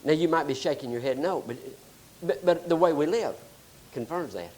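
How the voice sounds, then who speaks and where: A man preaching a sermon, explaining scripture and telling animated stories. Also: on the high side, moderate pace. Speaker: pastor.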